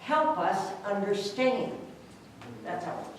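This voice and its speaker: An older woman makes her case to a city council, emphatic and lively as she acts out the neighbors' remarks. Her voice sits in a middle range. It echoes heavily around the meeting room, heard from a distant mic over a faint hum. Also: medium pitch, slow. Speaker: resident speaking at public comment. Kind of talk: impassioned public comment.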